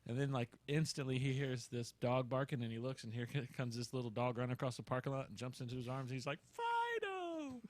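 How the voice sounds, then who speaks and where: A man's voice: medium pitch, fast, hardly any pauses, no echo. A man hosting a casual chat show, telling funny stories with lots of laughter. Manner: animated storyteller, laughs often. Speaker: host.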